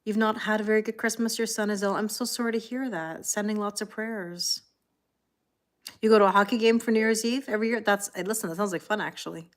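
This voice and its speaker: She talks fast in a steady, mid-range voice: a middle-aged woman with a Canadian accent doing tarot readings on a live stream. Chatty throughout, she greets people by name and reads their comments out.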